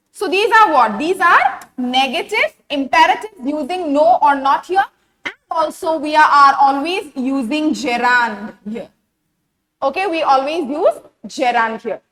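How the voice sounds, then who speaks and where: A woman's voice: high voice, a bit bright, low-quality recording. A woman teaching grammar step by step, often checking in with "okay?" and rhetorical questions. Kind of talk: online grammar lesson.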